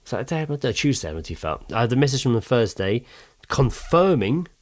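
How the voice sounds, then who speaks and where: A man's voice: mid-range voice, sing-song, brisk. A man co-hosting a casual podcast chat, talking through tooth pain in a wry, self-mocking way. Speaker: podcast co-host. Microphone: podcast mic with headphones.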